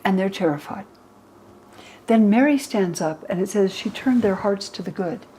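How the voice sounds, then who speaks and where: Older woman, scholar explaining texts, mellow warm tone, faint background noise, acts out quotes. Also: normal speed, low-quality recording. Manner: lively, acts out the quoted speakers in higher voices. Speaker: religion scholar and guest. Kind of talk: explaining to an interviewer.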